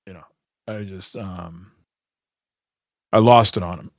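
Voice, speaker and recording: A man's voice: fairly low pitch, fairly even intonation, takes it slowly, no room sound, clean studio sound. A man co-hosting a podcast, telling a rambling, exasperated story in casual chat and swearing freely. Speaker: podcast co-host.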